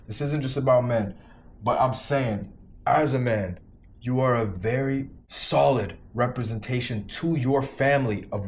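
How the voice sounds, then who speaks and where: A man's voice: mid-range voice, slight background noise. A man in his thirties giving an emphatic motivational talk to camera, repeating lines for punch and swearing casually. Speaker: vlogger giving quit-weed advice.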